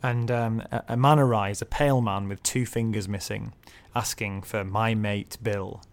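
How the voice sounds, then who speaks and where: A man co-hosting a casual book discussion, relaxed as he summarises the plot and laughs along. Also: on the low side, normal speed, gravelly. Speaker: podcast co-host.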